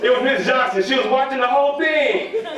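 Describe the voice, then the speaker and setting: Man, very high voice, storytelling workshop speaker, quizzes the audience, distant mic, echoey hall. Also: fairly quick, crowd noise. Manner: animated, calls for audience answers. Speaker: motivational speaker at student workshop. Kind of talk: storytelling talk to a live audience. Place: large hall at a live event.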